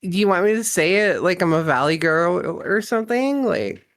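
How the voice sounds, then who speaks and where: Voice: medium pitch, big pitch swings, normal speed, a bit bright. A stream guest in casual banter who laughs often, swears freely and teases.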